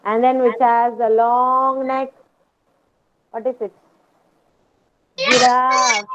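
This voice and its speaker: A woman teaching a kindergarten class online, slowly and patiently repeating each word for the children to echo. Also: sits high, big pitch swings, heavy background noise. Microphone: video call. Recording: tinny video call audio.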